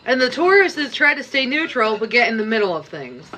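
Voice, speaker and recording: Cooking in her kitchen, a woman from Canada live-streams and talks casually with her audience, teasing them with playful scolding. She speaks fairly quickly in a sharp, fairly high voice that swings widely in pitch, and there's a little noise behind her.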